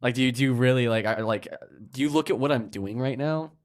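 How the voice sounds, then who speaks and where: A man's voice: medium pitch, brisk. A man playing in a tabletop game, speaking in character with frustration. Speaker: player. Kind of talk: tabletop role-play in character.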